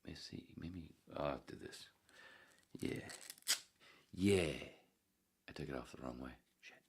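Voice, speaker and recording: Very deep gravelly man, rambling chat. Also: a bit bright, slight background noise. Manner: rambling, self-mocking, drops into whispers and laughs. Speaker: podcast host. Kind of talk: casual solo chat reading a live chat.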